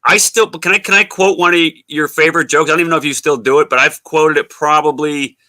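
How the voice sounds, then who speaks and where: A comedian co-hosting a casual talk show, animated and joking. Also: male voice, fairly high pitch, fast, no echo. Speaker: comedian co-host. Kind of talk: casual chat.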